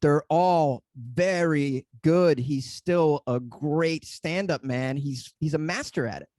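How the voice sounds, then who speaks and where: Rambling comedian, dry close mic. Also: male voice, on the high side, slow pace, darkish tone, no room sound. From Boston area. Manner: rambling, self-correcting storyteller. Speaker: comedian guest. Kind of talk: casual podcast chat.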